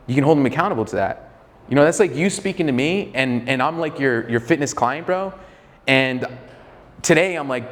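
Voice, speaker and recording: A man's voice: mid-range voice, lively intonation, fairly quick, long reverb tail. A man giving a live sales training, talking casually and profanely with a slightly arrogant edge and acting out both sides of sales calls. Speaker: sales coach.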